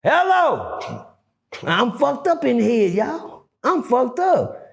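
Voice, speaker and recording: A middle-aged man telling prison stories in an animated way, acting out other people's voices and swearing freely. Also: takes it slowly, vocal fry. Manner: acts out voices, swings pitch widely, swears freely. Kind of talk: animated storytelling.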